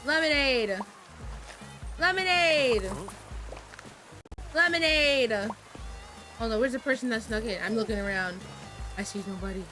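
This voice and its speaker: A woman's voice: mid-range voice, fairly even intonation, fast, fairly bright tone. A woman streaming a game, chatting casually in a chaotic, playful way with lots of stammered restarts. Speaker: VTuber streamer. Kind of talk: casual gameplay commentary. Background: game music.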